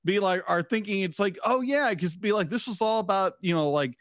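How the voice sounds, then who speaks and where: Male podcast co-host, high pitch, dry close mic; rambling, restart-heavy, laughing delivery. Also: brisk, dry recording. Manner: rambling, stumbles and restarts often, laughs a lot. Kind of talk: casual chat.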